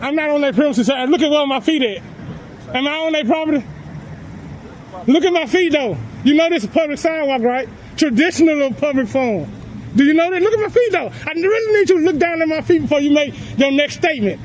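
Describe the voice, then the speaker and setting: A man's voice: very high voice, quick pace, slight background noise, low-quality recording. A man filming police from a public sidewalk, talking in a brash, taunting, swearing way and laughing often. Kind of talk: casual street talk.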